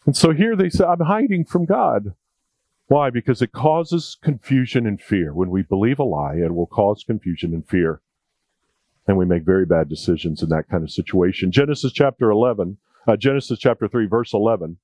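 A man's voice: on the low side, animated, brisk, mellow, no room sound. A male preacher delivering a sermon in a conversational, jokey way, repeating key points for emphasis.

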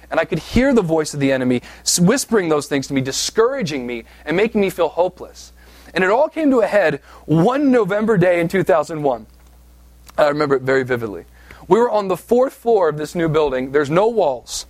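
A man's voice: high voice, expressive, fast, darkish tone, dry recording. A man from southeast Pennsylvania preaching a sermon, telling a personal story in a conversational, self-deprecating way with frequent "right?" asides. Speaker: pastor.

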